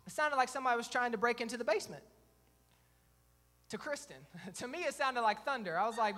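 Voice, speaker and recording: A young pastor preaches to a congregation in a church sanctuary, telling a self-mocking story and acting out the dialogue. His voice is very high-pitched, quick and sharp, with the long reverb of a church hall.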